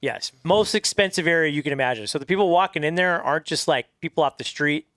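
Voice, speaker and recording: A man's voice: a little high, expressive, fast talker, fairly bright tone, no echo, clean studio sound. A man hosting a podcast, chiming in casually and swearing freely. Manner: laughing along, chiming in, profane. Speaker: podcast host. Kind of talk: casual chat.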